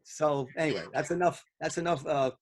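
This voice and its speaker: A man hosts a casual round-table talk in a slightly higher voice, rambling along with plenty of ums and restarted phrases. He speaks loosely and conversationally, circling back as he goes. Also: brisk, a crowd in the background. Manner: rambling, many fillers and restarts. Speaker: podcast host.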